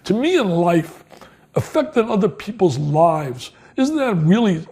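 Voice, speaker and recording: An older man from New Jersey, telling stories as a guest in an interview, excitable and emphatic, repeating lines for punch. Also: high voice, measured pace, breathy edge. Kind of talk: storytelling interview.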